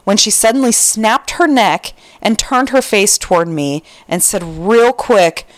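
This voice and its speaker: A woman's voice: medium pitch, a little slow, no room sound. A woman co-hosting a podcast, casually reading out listener stories and laughing between them. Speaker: podcast co-host.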